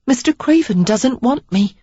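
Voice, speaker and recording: A woman voicing a prim, well-bred young gentlewoman who speaks in a poised, wry way, on a dull, slightly muffled audiobook recording. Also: a little high, expressive, a little slow, slightly rough, no echo, voice pushed up.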